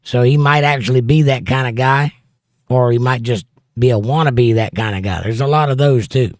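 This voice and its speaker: A man at a middle pitch hosts a relaxed livestream, reading viewers' comments out loud and riffing on each one. His voice sits close and dry, with no room sound around it. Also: moderate pace, dry recording. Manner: reads viewer comments aloud and riffs on them. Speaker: livestream host reading chat. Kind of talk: casual livestream chat.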